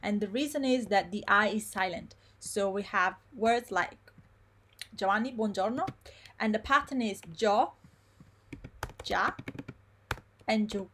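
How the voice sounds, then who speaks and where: Slow-speaking woman teacher. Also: medium pitch, a bit bright, slight background noise. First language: Italian. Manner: explains slowly, repeats words syllable by syllable. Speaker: Italian teacher. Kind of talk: live online pronunciation lesson.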